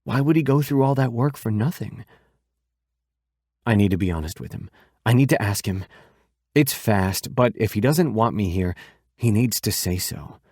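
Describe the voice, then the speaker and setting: A man with a lowish voice narrates an audiobook in a steady, measured way. The recording is dry and close, with no room sound. He keeps an even storytelling pace. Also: no echo.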